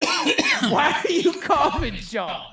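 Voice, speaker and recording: A man's voice: extremely high pitch, wildly swooping pitch, takes it slowly, sharp tone. A man hosting a live talk show, ranting heatedly with constant swearing and rhetorical questions. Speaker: host. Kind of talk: profane live-stream rant.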